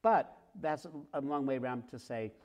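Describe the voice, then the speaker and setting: A middle-aged author talking with a host before a live theater audience, telling stories in a lively way and acting out scenes. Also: male voice, mid-range voice, moderate pace, muffled recording. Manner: lively, acts out scenes with sounds and quoted voices. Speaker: author guest. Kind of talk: animated storytelling in conversation.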